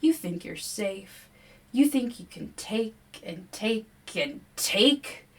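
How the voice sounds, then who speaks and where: A woman's voice: mid-range voice, lively intonation, husky, voice pushed up. A woman reading as eerie hungry forest spirits. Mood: menacing. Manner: slow, hushed and coaxing. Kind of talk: reading a novel aloud.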